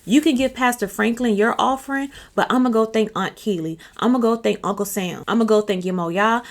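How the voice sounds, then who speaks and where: A woman's voice: a little high, natural voice. A woman voicing a proud young healer. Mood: indignant. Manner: rapid, insistent listing.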